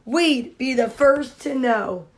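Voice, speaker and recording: A woman's voice: high-pitched, slow pace. A woman voicing a playful squirrel in a storybook reading, chirpy and sing-song.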